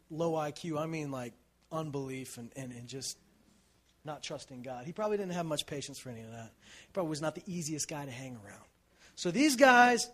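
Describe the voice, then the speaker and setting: A male pastor preaching a sermon in a conversational storytelling way, acting out the people in the story and often asking "right?". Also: sits high. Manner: animated storytelling, acts out quotes, shouts for emphasis.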